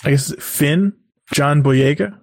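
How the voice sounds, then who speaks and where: A man co-hosting a podcast, chatting casually about movies in a measured, informative way. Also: on the high side, darkish tone, no room sound, clean studio sound. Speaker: podcast co-host.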